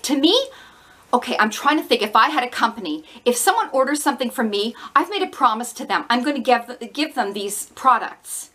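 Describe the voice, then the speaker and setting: Indignant woman with a bright, high voice. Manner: exasperated, indignant, lots of "like". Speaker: vlogger. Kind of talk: ranting straight to camera.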